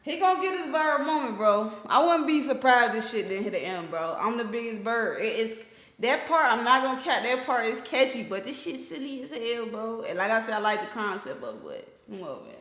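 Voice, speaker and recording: A man's voice: very high voice, lively intonation, a little fast, very noisy. A man hosting a reaction video, talking casually with a lot of slang and swearing, and speaking bluntly to his viewers. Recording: roomy echo.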